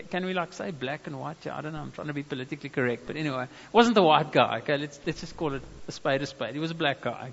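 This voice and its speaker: A man's voice: sits high, fairly bright tone. A man with a South African accent preaching a sermon, telling a personal story with casual asides and calls of amen. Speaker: pastor. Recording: dull reverberant hall sound.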